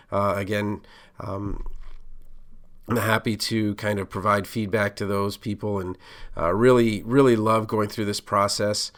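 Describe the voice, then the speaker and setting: A man's voice: lowish voice, fairly bright tone. A middle-aged man hosting a solo podcast, talking casually with many fillers and restarts as he gives career advice. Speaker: podcast host, pharmacist.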